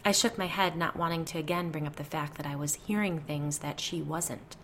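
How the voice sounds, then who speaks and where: A woman reading a first-person ghost story aloud in a measured storytelling voice. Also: low voice, a bit bright, a little hiss or hum. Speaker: narrator.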